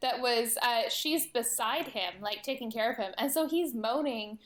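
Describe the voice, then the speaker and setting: A woman's voice: on the high side, normal speed. A young woman co-hosting a podcast in casual chat, enthusiastic and chatty, filling her talk with "like". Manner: chatty, enthusiastic, uses lots of "like". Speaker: podcast co-host.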